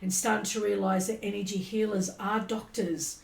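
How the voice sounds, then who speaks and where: A woman's voice: medium pitch, moderate pace, gravelly, roomy sound. A woman who works as a spiritual healer, chatting casually in an interview and telling stories with animation. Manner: animated storyteller who acts out quotes.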